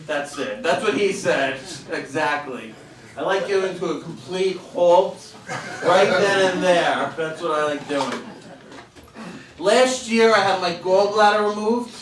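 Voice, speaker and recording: A man's voice: sits high, measured pace, a bit bright, far from the mic, slight background noise. A man in his forties doing a stand-up comedy set on a club stage, with punchy self-deprecating delivery and acted-out voices, over audience laughter. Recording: echoey club taped from afar.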